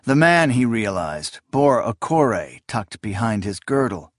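A man reading fantasy fiction aloud as a narrator, in a measured, even storytelling manner. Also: fairly low pitch, dry recording, clean studio sound. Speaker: audiobook narrator.

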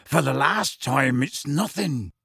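Hagrid, a man doing a gruff giant gamekeeper. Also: medium pitch, big pitch swings, a bit bright, no echo, clean studio sound, full character voice. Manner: slow, rough, rustic speech. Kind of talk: audiobook reading.

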